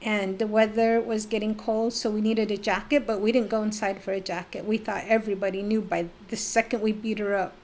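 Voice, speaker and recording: A middle-aged woman from the Navajo Nation, telling her life story as a podcast guest in a lively, animated way. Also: mid-range voice, brisk, few pauses, a little hiss or hum. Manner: animated storyteller who acts out remembered voices. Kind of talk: personal storytelling in a casual interview.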